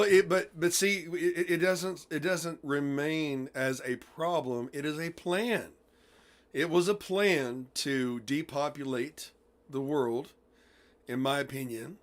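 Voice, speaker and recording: A man hosting a casual interview, talking emphatically and excitably and laughing often. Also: fairly high pitch. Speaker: host.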